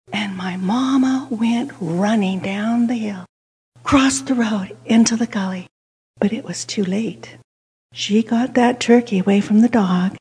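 An older woman with a husky, breathy voice, pitched a little high, spins an animated tale, leaning in with hushed whispers at the tense parts. Her voice rings out with a long reverb, as if she is in a church hall. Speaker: storyteller. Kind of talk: dramatic storytelling with a lesson.

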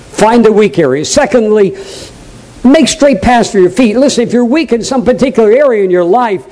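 High-voiced preacher with a New England accent. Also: male voice, poor audio. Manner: emphatic preaching, swinging between loud high stresses and low quiet asides; draws the congregation in with direct questions. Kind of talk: sermon.

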